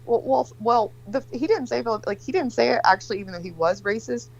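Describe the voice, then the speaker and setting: A woman's voice: a little high, fast, gravelly, highs cut off. A woman in her forties on a video call, casually telling a long, rambling story full of swearing and acted-out quotes. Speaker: livestream guest.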